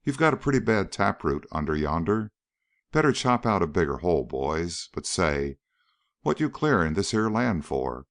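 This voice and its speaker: A man's voice: deep voice, sing-song, moderate pace. A man voicing a blunt, curious frontier girl who talks in a folksy backwoods drawl.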